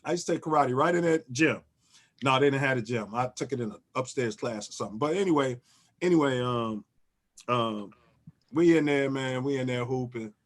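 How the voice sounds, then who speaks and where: A man, hosting and telling a story in casual chat, animated and repeating and restarting his phrases. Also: mid-range voice, a little fast. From Chicago. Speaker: host.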